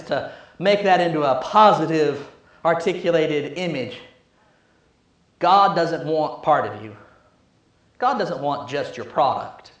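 A man preaching a sermon, emphatic and building through repetition, then dropping to a hush. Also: a little high. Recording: echoey room.

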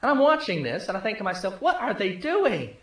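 A male pastor preaching a sermon, telling a story conversationally and dropping low and soft for emphasis. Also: wildly swooping pitch, brisk. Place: church sanctuary. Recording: echoey church room.

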